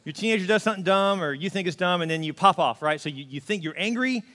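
A man with a high voice preaches like he is chatting with the congregation, tossing in "right?" and playing out both sides of small arguments. The sound hangs in a reverberant hall. It comes across as a live church sermon. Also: quick pace. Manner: conversational, animated preaching with repeated "right?" and acted-out quotes. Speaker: pastor.

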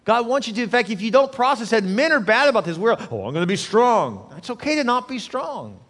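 A man's voice: very high-pitched, expressive, quick pace, fairly bright tone, long reverb tail. A male pastor preaching a sermon in an earnest, repetitive way, acting out quotes as he goes.

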